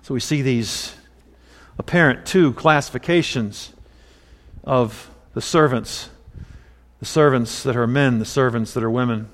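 A man's voice: mid-range voice, a little slow, long pauses. Man preaching in a reverberant hall. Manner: conversational preaching with personal anecdotes. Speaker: pastor. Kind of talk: sermon.

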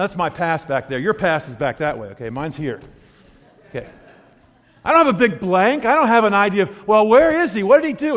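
An older man preaching a sermon, telling stories with humor and laughter. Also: high voice. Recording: long hall reverb.

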